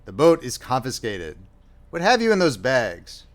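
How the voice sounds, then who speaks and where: A man's voice: medium pitch, wildly swooping pitch, a little slow. A man voicing a stiff, thin border lieutenant, formal and politely clipped.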